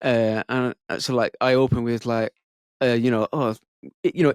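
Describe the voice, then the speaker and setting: Man with a softened Scottish accent. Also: medium pitch, fairly even intonation, normal speed, smooth, no room sound, clean studio sound. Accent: Scottish, softened by years in England. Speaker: podcast co-host, stand-up comedian. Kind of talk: casual chat.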